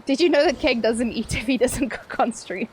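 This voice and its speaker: Talking to viewers on a casual live stream, a young woman uses a high, bright voice with a breathy edge at normal speed. Playful and loose, she throws in swear words and laughs often.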